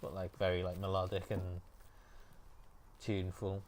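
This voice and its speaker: Deep-voiced man hosting casual music chat. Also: moderate pace, a little hiss or hum. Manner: relaxed, hesitant with many fillers. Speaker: music show host.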